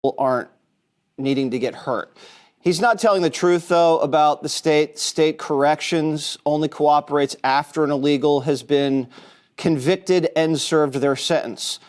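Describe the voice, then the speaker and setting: A man's voice: fairly high pitch, unhurried. A man giving blunt, declarative cable news commentary.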